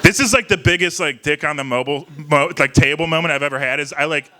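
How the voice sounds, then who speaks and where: A young man from Ohio doing an open mic stand-up set, rambling and halting, laughing at his own jokes. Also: fairly high pitch, bright, forceful tone, slight background noise. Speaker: stand-up comedian. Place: small bar venue with live crowd.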